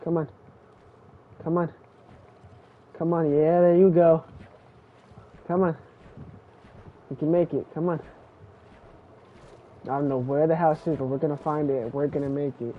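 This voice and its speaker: A young man giving casual live commentary while playing a game, excitable and swinging between muttering and squealing. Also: fairly high pitch, measured pace, pauses often. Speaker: gaming streamer. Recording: tinny phone-like stream audio, faint noise.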